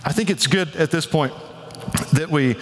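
A man's voice: fairly high pitch, moderate pace, long reverb tail. A man preaching a sermon in a church, casual and conversational, often saying "like". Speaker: pastor.

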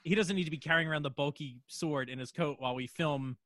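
A man's voice: a little high, quick pace, fairly bright tone, dry recording, studio quality. A man co-hosting a podcast, casually recapping a TV episode, laughing often and rambling loosely. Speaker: podcast co-host.

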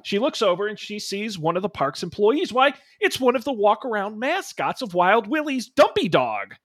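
A man's voice: high voice, big pitch swings, moderate pace, a bit bright, no echo, studio quality. A man running an improvised story game as narrator, playful and rambling. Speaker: game master.

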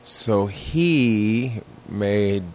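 A comedian guest with a somewhat low voice tells loose anecdotes in a casual chat. He talks plainly and swears freely as he goes. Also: lively intonation, drawn-out words, a little mellow, a little hiss or hum.

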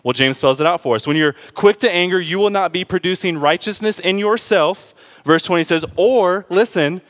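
Male pastor, fairly high voice, casual preaching style, jokes, constant "right?" check-ins. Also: moderate pace, fairly bright tone. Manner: keeps asking the congregation "right?" and "okay?"; informal and joking, with asides to the congregation. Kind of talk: conversational sermon.

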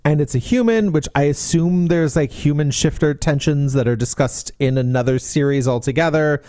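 A man's voice: fairly high pitch, moderate pace, warm tone, dry recording, clean studio sound. A man co-hosting a podcast, recapping a book plot in a sarcastic, exasperated way. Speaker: podcast co-host. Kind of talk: casual book recap chat.

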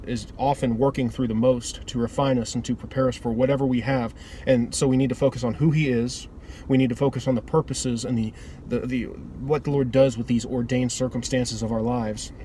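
This preacher's voice is medium in pitch and dark in tone. His devotional talk is earnest and informal, rambling as he repeatedly circles back to restart phrases, with slight hiss or hum in the background.

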